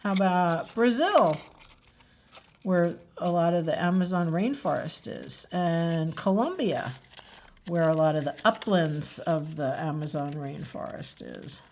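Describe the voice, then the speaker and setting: A woman's voice: lowish voice, measured pace, a little mellow. A woman hosting a library story time, chatting her way through a children's craft and asking the kids questions. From New Jersey.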